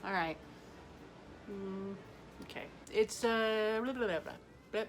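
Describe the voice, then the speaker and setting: A woman's voice: medium pitch, slow, heavy background noise. A woman hosting a casual cooking vlog in her home kitchen, chatty and self-mocking, laughing often. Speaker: cooking show host.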